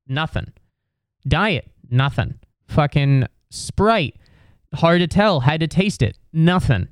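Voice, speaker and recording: A man's voice: a little high, expressive, takes it slowly, clear, resonant tone, dry recording, clean studio sound. A man telling a rambling, exasperated comedic story in a casual, profane rant.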